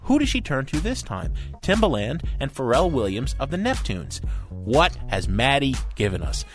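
A man co-hosting a radio music review show, talking in an animated, wry and teasing way. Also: mid-range voice, normal speed. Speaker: music critic co-host. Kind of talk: casual radio review chat.

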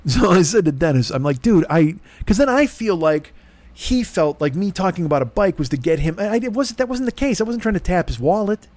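A man's voice: high voice, lively intonation, fairly quick, darkish tone, no echo. A middle-aged man rambling through a profane, self-deprecating story as a podcast host, acting out both sides of conversations. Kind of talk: casual storytelling monologue. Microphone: laptop recording.

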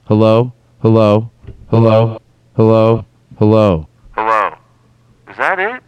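A man's voice: on the low side, slow pace, clean tone, dry recording, highs cut off. A man hosting a comedy podcast alone in a barn studio, rambling and riffing in scattered bursts. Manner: scattered, riffing, restarts and bursts of silly bits. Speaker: podcast host.

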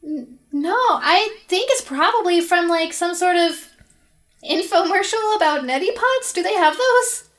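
A woman's voice: very high voice, lively intonation, unhurried, fairly bright tone. A young adult woman in casual podcast chat, hesitant and dry with many fillers.

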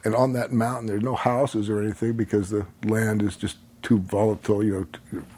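A man's voice: on the low side, little pitch movement, brisk, warm tone, breathy edge. A middle-aged or older man, a podcast guest, telling a rambling, laid-back story with chuckles and casual swearing.

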